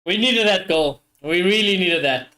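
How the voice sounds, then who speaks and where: Man, high voice, excitable football watchalong commentary, swears a lot, talks to viewers. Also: normal speed.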